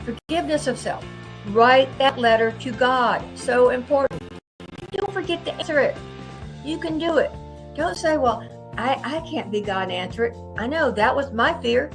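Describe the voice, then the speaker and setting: A woman speaking earnestly and emphatically to camera from a seated indoor setup, repeating her key phrases. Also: fairly high pitch. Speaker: spiritual speaker. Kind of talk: inspirational talk to camera. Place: indoors, seated in a lit room. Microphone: microphone at a camera setup.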